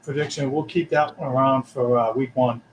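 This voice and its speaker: A man's voice: mid-range voice, fairly even intonation, normal speed, crowd noise, rough recording. A man with a Boston accent, co-hosting a sports podcast, grumpy and given to emphatic rants. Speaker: podcast co-host. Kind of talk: casual sports chat.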